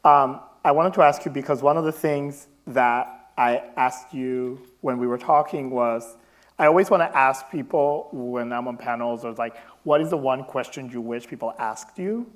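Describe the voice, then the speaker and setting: A man's voice: medium pitch, moderate pace. Hesitant male event moderator. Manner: hesitant, with fillers. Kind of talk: interview questions.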